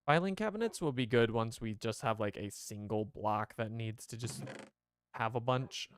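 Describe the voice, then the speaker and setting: A man's voice: mid-range voice, normal speed, clear, resonant tone. A man streaming a game, chatting casually to his viewers and rambling as he plays. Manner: rambling, chatty, talks to chat.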